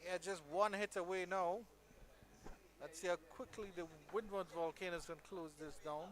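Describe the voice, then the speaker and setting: A man doing live cricket commentary, measured between balls and loud and excited on big shots. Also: high voice.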